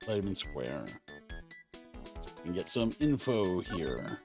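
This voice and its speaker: A man's voice: sits low, sing-song, takes it slowly, over music. A man chatting and joking casually as he plays through a game with a friend. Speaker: streamer playing a game.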